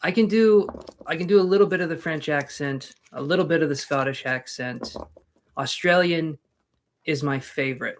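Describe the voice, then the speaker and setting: A man's voice: on the high side, moderate pace, slight background noise. A man reads tarot cards live on a stream. He chats casually with his viewers and slips in joking asides between readings. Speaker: tarot reader.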